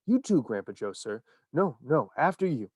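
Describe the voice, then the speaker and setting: A man's voice: mid-range voice, sing-song, breathy edge, no room sound. A man voicing a cheerful, eccentric candy maker who gushes with theatrical enthusiasm, in a storybook reading. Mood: overjoyed. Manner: exuberant, theatrical, rapid bursts of enthusiasm.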